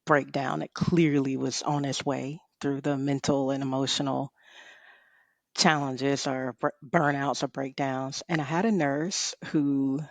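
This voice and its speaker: A middle-aged woman and author, a guest telling a personal story in a conversation, expressive, laughing often and saying "you know" a lot. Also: a bass voice, a little slow, creaky, no room sound. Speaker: author and rest coach, guest.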